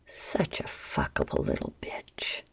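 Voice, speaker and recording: A woman voicing a commanding, cruel mistress in a low, throaty whispered role-play. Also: animated, slow, vocal fry, warm tone, breathy edge, full character voice. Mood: menacing.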